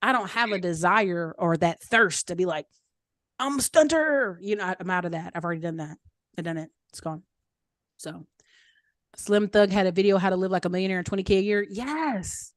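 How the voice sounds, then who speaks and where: A woman appears as a guest speaker answering questions, offering candid, chatty advice about money and property while acting out the voices of people she quotes. Her voice is fairly low and brisk, recorded in studio quality with no room sound.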